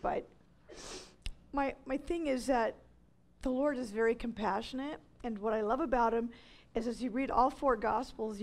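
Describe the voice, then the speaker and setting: Speaking as a ministry leader, a woman in a high, light voice shares an emotional testimony with an audience. She's very animated, rising to loud cries and sinking to near-whispers, much like a passionate preacher recounting her own story.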